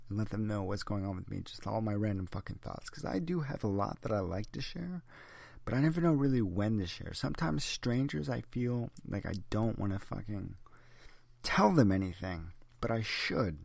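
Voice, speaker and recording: A man's voice: fairly low pitch, expressive, normal speed, creaky, no room sound. A young man, a little drunk, rambling and swearing his way through a solo podcast monologue. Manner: profane, rambling, tipsy. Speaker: podcast host.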